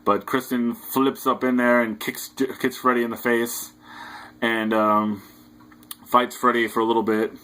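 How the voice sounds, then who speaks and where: A man's voice: mid-range voice, level tone, a little slow, bright, forceful tone, low-quality recording. A young man casually recapping a film plot as a reviewer, hesitant and loose with lots of fillers. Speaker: movie reviewer.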